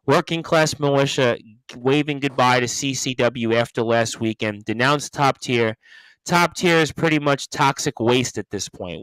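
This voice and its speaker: Male sports radio host, smooth and clear, dry close sound, reads out comments. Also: medium pitch, a bit bright, no room sound, poor audio. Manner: reads listener comments aloud, upbeat. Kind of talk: hosting a talk show.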